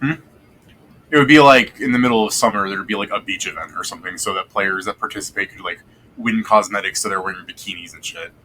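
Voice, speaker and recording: Bright-voiced man running a tabletop game. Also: fairly low pitch, quick pace, a little hiss or hum, rough recording. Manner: rambling, profane and loose. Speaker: game master.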